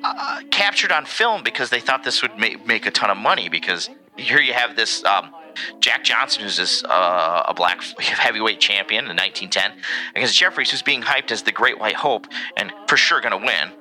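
A man's voice: lowish voice, moderate pace, low-quality recording. A man co-hosting a casual podcast, reading a history segment with joking asides. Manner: animated, reads facts with joking asides. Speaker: podcast co-host.

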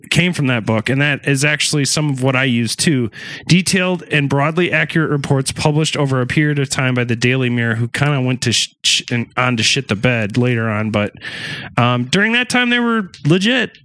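A man hosts a podcast and rambles through a story in casual talk. He swears freely and laughs at his own asides. His voice sits at a middle pitch and sounds close and dry, with no room around it. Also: lively intonation, brisk, fairly bright tone, no room sound. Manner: rambling, profane, laughs often. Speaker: podcast host.

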